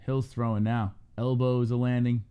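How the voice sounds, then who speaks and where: A man hosting a live fight reaction stream, calling the action play-by-play with casual swearing and shouting when a fight ends. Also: medium pitch, level tone, moderate pace, smooth, highs cut off. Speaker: host.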